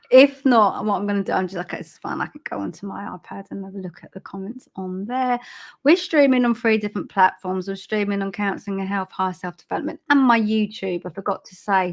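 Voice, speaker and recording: A woman giving a live-streamed psychic reading, soft and halting, with frequent ums and repeated phrases. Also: medium pitch. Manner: laughs at herself over tech trouble. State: choked up with emotion. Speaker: psychic medium.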